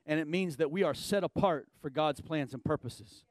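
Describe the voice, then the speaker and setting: A middle-aged male pastor preaching a sermon, emphatic, swinging from low and quiet to loud and shouting. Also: moderate pace, no room sound.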